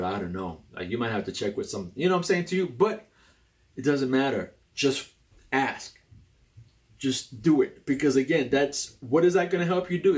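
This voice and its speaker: A young adult man hosting a casual talk about personality types, animated and rambling, often restarting his sentences. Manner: animated and rambling, with many restarts and sudden jumps in pitch. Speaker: host.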